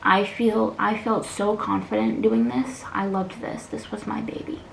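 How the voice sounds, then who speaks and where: A woman, talking earnestly and haltingly in a personal vlog, close to tears and sometimes dropping to a soft whisper. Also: medium pitch, little pitch movement, gravelly. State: near tears. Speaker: beauty vlogger. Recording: echoey room with faint noise.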